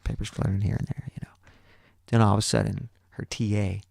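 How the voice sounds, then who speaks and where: A man's voice: fairly low pitch, flat delivery, fast talker, vocal fry, a little mellow, no room sound, clean studio sound. A man in his thirties hosting a podcast, telling a rambling, profane story with frequent restarts. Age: 30s. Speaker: podcast host. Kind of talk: casual storytelling.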